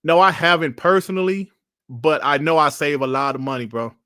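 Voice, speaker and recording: A man streaming casual commentary in a lively, mocking tone, laughing and swearing as he answers comments. His voice sits fairly high and sounds bright and sharp. It is recorded close and dry. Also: fairly quick, no room sound.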